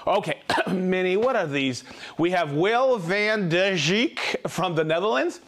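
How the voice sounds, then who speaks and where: A man with a high voice hosts a live stream and rattles off viewers' names and hometowns. He is upbeat and jokey, and he trips over the tricky names as he goes. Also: lively intonation, unhurried, fairly bright tone. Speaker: host of a live tool stream. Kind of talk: reading out viewer shout-outs.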